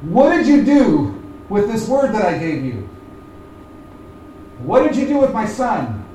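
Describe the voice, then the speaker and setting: Man, pastor, sermon, emphatic then hushed in prayer, heard from far off, faint room noise. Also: sits high, big pitch swings, measured pace. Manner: rises and presses hard on points, then drops to a quiet prayer. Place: church sanctuary. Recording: echoey church room from far off.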